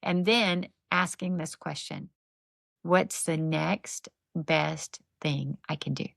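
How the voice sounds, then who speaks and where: A middle-aged woman guest telling lively, faith-based stories and acting out what people said in casual conversation. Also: deep voice, slow pace, vocal fry, no echo. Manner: animated, faith-based storytelling with acted-out quotes. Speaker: podcast guest, nonprofit founder. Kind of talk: conversational storytelling.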